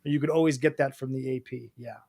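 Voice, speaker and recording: A man's voice: medium pitch, steady tone, brisk, warm tone. A man co-hosting a casual podcast chat, playful and joking, drawing out words for emphasis. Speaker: co-host.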